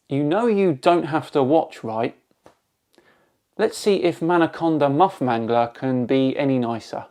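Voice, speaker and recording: A man's voice: medium pitch, expressive, a little slow. A man from Bristol hosting a video, reading out viewer comments and answering them with dry, sarcastic comebacks. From Bristol, England. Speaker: video host.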